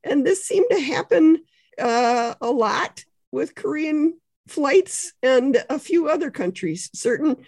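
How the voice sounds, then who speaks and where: A woman's voice: high-pitched, lively intonation, slow pace, a little mellow, no room sound. A woman author, a podcast guest, explaining ideas in conversation with examples and frequent asides. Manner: explains ideas with examples, frequent "you know" and small laughs.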